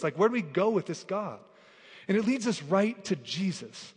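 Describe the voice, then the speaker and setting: A man's voice: high-pitched, sing-song, moderate pace, husky. Earnest preacher man in a reverberant hall. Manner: earnest and conversational, often says "like"; builds to emphatic, repeated declarations. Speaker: pastor. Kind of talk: sermon.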